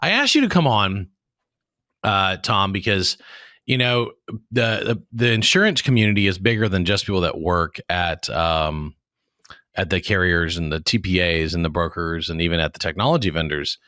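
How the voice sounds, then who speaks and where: Podcast host, man, forties: very low voice, bright forceful edge, dry close sound, rambling and jokey delivery. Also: moderate pace, dry recording. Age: 40s. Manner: rambling, jokey, restarts words often. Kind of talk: casual chat.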